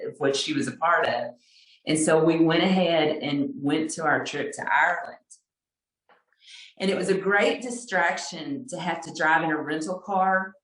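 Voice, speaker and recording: A middle-aged woman from Texas telling a personal story on a video call, unhurried and halting, with fillers and soft laughs. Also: low-pitched, distant mic. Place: home room on a video call. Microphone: video call mic, set back. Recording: roomy echo, voice off-mic.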